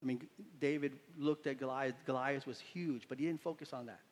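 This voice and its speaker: A man preaching a sermon as pastor, telling stories with lively voices for the people in them. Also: medium pitch, a little fast, big-room sound. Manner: animated storytelling, acts out quotes with voices. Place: church sanctuary.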